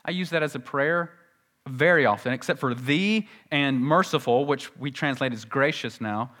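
A man preaching a sermon as pastor, teaching earnestly and slowing down to recite scripture. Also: medium pitch, a bit bright.

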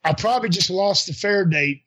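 High-voiced older man spinning wrestling yarns. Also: moderate pace. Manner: animated anecdotes with laughs and voiced quotes. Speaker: retired pro wrestler telling stories. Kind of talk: casual storytelling.

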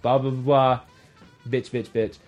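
A man imitating a stern, fed-up male friend who lectures in a lowered voice. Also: little pitch movement, measured pace, muffled recording, soft background music, natural voice. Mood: scolding. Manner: lecturing, exasperated.

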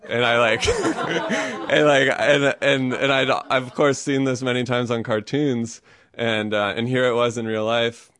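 A man's voice: mid-range voice, lively intonation, measured pace, a bit bright. A man telling a personal story to a live audience, chatty and self-amused, laughing often and peppering his speech with fillers.

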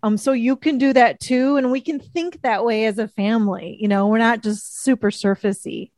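Higher-voiced woman hosting, dry close sound. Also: steady tone, moderate pace, darkish tone, no room sound. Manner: reflective, leads the discussion. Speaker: podcast host. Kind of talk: Christian parenting podcast chat.

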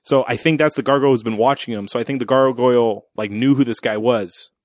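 A man's voice: medium pitch, quick pace, no room sound, studio quality. A man co-hosting a casual podcast, recapping a film and acting out its lines, swearing freely. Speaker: podcast co-host. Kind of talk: casual movie-recap chat.

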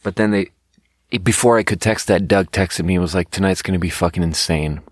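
A worn-out man in his thirties rambles through a long story in a low voice, swearing freely and mocking himself. The sound is dry and close, with no room around it. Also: brisk, no room sound. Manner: rambling, profane, self-mocking storytelling with bursts of mimicry. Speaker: podcast host. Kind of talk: casual comedic monologue.

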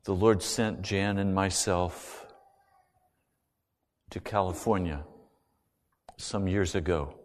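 A middle-aged male preacher with a fairly low voice delivers an earnest sermon, dropping to a hush and then rising sharply. His words ring out with a long reverb in a large church hall. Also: takes it slowly, long pauses. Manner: earnest storytelling, dramatic swings from hushed to loud.

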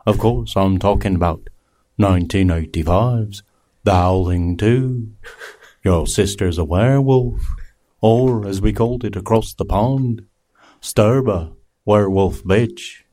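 A man's voice: fairly low pitch, unhurried, warm tone, no echo. A man doing a comic impression of a famous drummer, telling a story in a chatty, mock-earnest way with little asides. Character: impression of a famous British drummer reciting a plot summary. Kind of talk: comedy podcast impression.

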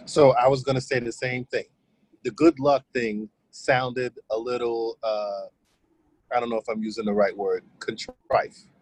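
A man's voice: medium pitch, fairly even intonation, husky, no echo, poor audio. A man co-hosting a podcast, chiming in casually and picking his words with care. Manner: measured, searching for words. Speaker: podcast co-host. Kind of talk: casual conversation.

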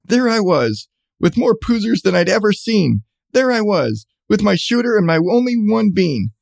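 A man's voice: high-pitched, sing-song, normal speed, vocal fry, a little mellow, no echo. A man reading a rhyming children's storybook aloud with a bouncy cadence.

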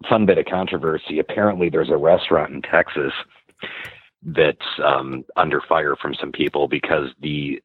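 Very deep-voiced man on a tinny line. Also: steady tone, moderate pace, husky, dry recording. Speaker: podcast co-host. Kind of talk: casual chat. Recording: tinny phone-like sound.

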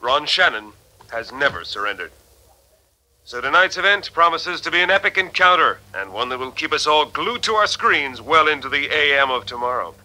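A man's voice: fairly high pitch, big pitch swings, normal speed, pushed and bright, heavily acted, rough recording. An actor playing a polished male TV announcer who hypes a deadly future game show. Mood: promotional. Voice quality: polished, promotional delivery. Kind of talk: broadcast announcing.

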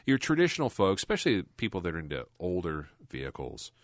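A man's voice: sits low, wildly swooping pitch, quick pace, dry recording, clean studio sound. A man co-hosting a casual car podcast, talking in a rambling, chatty way and laughing often. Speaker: podcast co-host.

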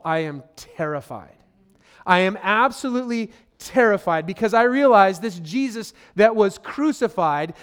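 A man's voice: sits high, clean tone. A man preaching a sermon as a pastor, earnest and emphatic, repeating key phrases and speaking to listeners directly as "friend.".

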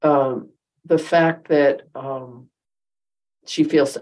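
A woman's voice: low-pitched, a little slow, a little mellow, low-quality recording. A woman co-hosting a casual talk show, giving firm, emphatic opinions. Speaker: podcast co-host. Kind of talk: casual chat.

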